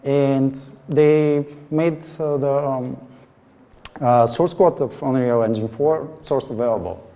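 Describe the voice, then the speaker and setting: Mellow-voiced man in a hall. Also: mid-range voice, steady tone, slow pace. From Bulgaria. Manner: hesitant, many filler sounds. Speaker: conference speaker. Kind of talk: technical conference talk. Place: large conference hall. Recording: reverberant hall sound.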